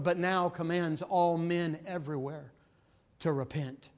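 Emphatic preacher man, somewhat high voice. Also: fairly even intonation, unhurried. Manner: emphatic, rising to impassioned pleading; quotes scripture chapter and verse. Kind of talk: sermon.

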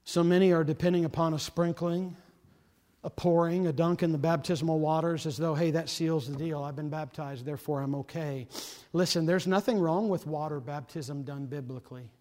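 An earnest male preacher with a somewhat high voice, pressing his points with urgency. He swings from loud, emphatic bursts down to hushed, quiet phrases. His voice rings out with the long reverb of a large hall. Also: steady tone, normal speed. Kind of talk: sermon.

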